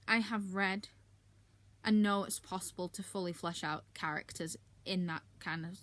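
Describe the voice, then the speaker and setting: A woman's voice: lowish voice, normal speed, a bit bright. A woman giving a casual, candid wrap-up of her monthly reading, chatty with frequent filler ums and blunt asides. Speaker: book reviewer.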